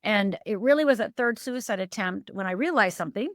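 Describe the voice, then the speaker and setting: An animated, slightly fast-talking middle-aged woman from Upper Michigan tells an emotional personal story as a life coach on a podcast. She comes across earnest and emphatic, with sharp rises and falls in pitch. The recording is dry and of studio quality.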